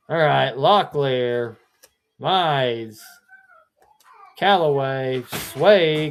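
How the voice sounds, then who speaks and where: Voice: medium pitch, extremely slow. A card seller from Missouri, hosting a live-stream card break and rattling off player names with chatty, self-correcting asides.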